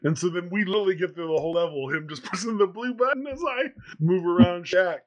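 A podcast host in his thirties with a slightly high voice, chatting casually. He tells a long story in a loose, rambling way, full of ums and uhs. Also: quick pace. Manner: rambling anecdotal storytelling with many fillers. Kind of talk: casual chat.

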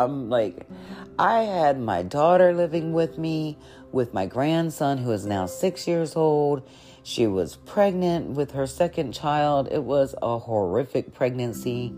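A middle-aged woman tells a personal spiritual story in a very low, mellow voice. She talks candidly and conversationally, with fillers and restarts. Faint plucked guitar plays behind her. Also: lively intonation, slow. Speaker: podcast host.

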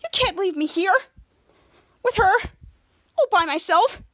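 A woman's voice: very high-pitched, animated, measured pace, fairly bright tone, no echo, voice pushed up, full character voice. A woman reading the lines of a nervous, pleading suburban mother. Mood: flustered.

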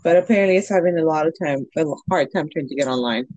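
A woman's voice: low-pitched, quick pace, dull audio, a loud crowd. A woman co-hosting a casual podcast chat with a friend over an online call, talking freely, laughing often and swearing now and then. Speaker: podcast co-host.

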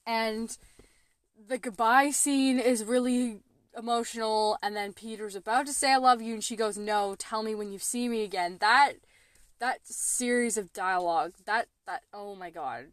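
A woman's voice: fairly high pitch, moderate pace, no echo. A young woman hosting a movie podcast, talking casually and emotionally, rambling with lots of fillers. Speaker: podcast host.

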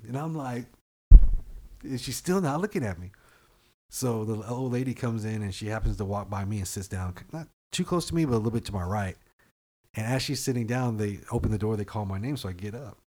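A man in casual chat, telling profane stories with animated acted-out quotes. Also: medium pitch, fairly quick.

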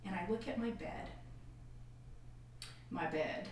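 A woman tells a hard personal story as a podcast guest, her voice lively and expressive as she acts out what others said. She sounds a little distant from the microphone. A strong echo fills the room, with a faint hiss underneath. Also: fairly low pitch, slow. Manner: animated, acts out quoted voices, frequent laughs. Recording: far-off echoey room mic.

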